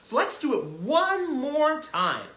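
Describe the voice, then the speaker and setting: A man hosting a children's music lesson, talking in an animated, encouraging way and demonstrating as he goes. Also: very high voice, takes it slowly, reverberant. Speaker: children's music teacher and host.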